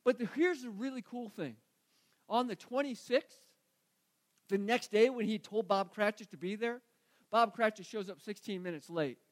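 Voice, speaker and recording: A man's voice: high-pitched, normal speed. A man preaching a sermon as a pastor, earnest, often repeating phrases and asking rhetorical questions.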